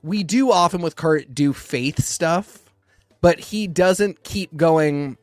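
A man's voice: fairly high pitch, takes it slowly, a little mellow, no room sound. A man co-hosting a comics podcast, talking casually and rambling, often restarting his sentences. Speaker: podcast co-host. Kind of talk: casual chat about comics.

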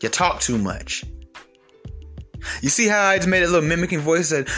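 A high-pitched man rants straight to camera in a bright, sharp voice, blunt and heavy with profanity. His delivery swoops up and down, shouting one moment and dropping low the next, with faint music playing behind him. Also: animated, normal speed. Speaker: online commentator. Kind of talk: ranting monologue to camera.

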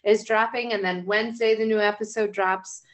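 A chatty woman co-hosting a podcast from a remote call mic. Her talk is casual and loose, with frequent swearing and quick laughs. Her voice sits at an ordinary middle pitch. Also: fairly even intonation. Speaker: podcast co-host.

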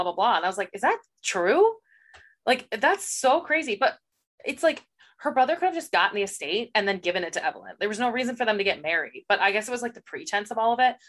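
A woman's voice: mid-range voice, a bit bright. A woman co-hosting a casual book podcast, giving candid opinions. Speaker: podcast co-host.

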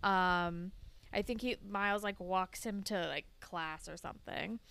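A young woman talking casually as she recaps a show, slipping in quick quoted voices along the way. Her voice is very clear and smooth. The sound is close and dry, with no room echo. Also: mid-range voice, fairly bright tone. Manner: retells scenes with quick quoted voices and laughs. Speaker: podcast co-host recapping a TV episode. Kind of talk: casual chat.

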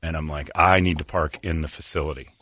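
A man's voice: rumbling low, fairly even intonation, fast talker, bright, forceful tone, husky, no room sound. A man hosting a radio talk show, telling rambling stories, laughing often and acting out quotes in casual banter.

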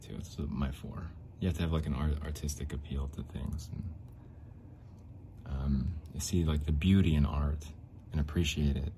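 A man's voice: a bass voice, darkish tone, slight background noise. A man talking in a casual, rambling monologue, repeating phrases and restarting often. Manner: rambling, repeats himself, frequent likes and restarts. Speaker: podcast host.

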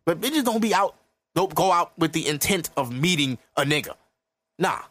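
A man's voice: a little high, lively intonation, normal speed, fairly bright tone, slight background noise. Profane man in his thirties ranting. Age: 30s. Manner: profane, emphatic, lecturing. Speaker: podcast host. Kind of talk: casual podcast rant.

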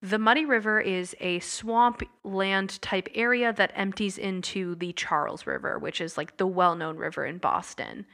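Chatty, bright-voiced woman podcast host. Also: mid-range voice. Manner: chatty, giggly, with frequent fillers. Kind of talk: casual storytelling podcast.

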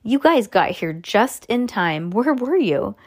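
A brave young schoolboy from a storybook, excited and breathless, voiced by a woman reading aloud. He talks in quick, eager bursts, pitched up high. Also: exaggerated voice.

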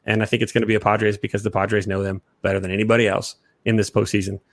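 A young man co-hosting a casual sports chat, rambling and jokey, quick to laugh. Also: lowish voice, little pitch movement, vocal fry, dry recording. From Chicago area. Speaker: sports podcast co-host.

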